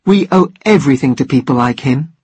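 A man reading the part of a passionate young island man heading to war, speaking in proud, dramatic declarations with a husky voice. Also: medium pitch, animated, brisk, a little mellow, dry recording. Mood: proud, defiant.

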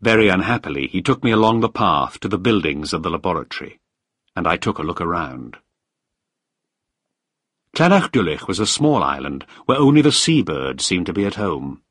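A man narrating a first-person story in a measured, firm way. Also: deep voice, big pitch swings, a bit bright, breathy edge, no echo, clean studio sound. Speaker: audiobook narrator.

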